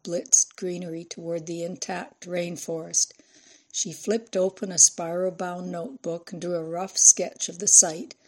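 A woman reading a novel aloud in measured, expressive scripted narration. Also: fairly low pitch. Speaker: audiobook narrator.

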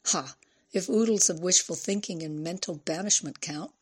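A man's voice: high voice, normal speed, breathy edge. A woman voicing a lanky, flamboyant male theater director with a slight Dutch accent, theatrical and wry, in a storybook reading. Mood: worried.

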